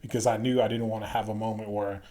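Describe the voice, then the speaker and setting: Speaking fast in a voice on the low side, a middle-aged Chicago man who once served as a Green Beret tells stories as a guest in a casual interview. He animatedly performs the voices of everyone he quotes.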